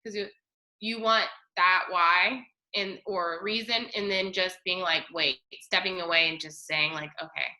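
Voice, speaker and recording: A woman's voice: on the low side, steady tone, measured pace, sharp tone, poor audio. A woman chatting casually on a video call, giving peer feedback and often acting out what others said. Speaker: sign language student.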